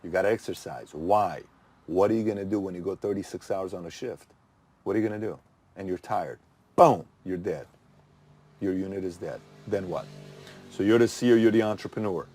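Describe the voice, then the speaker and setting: A man's voice: sits low, brisk, a little mellow, dry recording. A middle-aged man hosting his channel, giving a punchy motivational talk full of rhetorical questions that he answers himself. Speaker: channel host.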